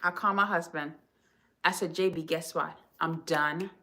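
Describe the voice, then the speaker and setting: A woman from Jamaica, a home decor vlogger, telling stories to her viewers in an animated, chatty, dramatic way. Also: low-pitched, moderate pace. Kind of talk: casual storytelling to viewers.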